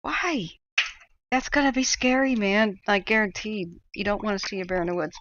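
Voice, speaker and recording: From home, a woman hosting a livestream tells a rambling personal anecdote full of chatty asides. Her mid-range voice is a bit bright and moves at a moderate pace. The recording sounds dry and slightly dull, with a little hiss or hum.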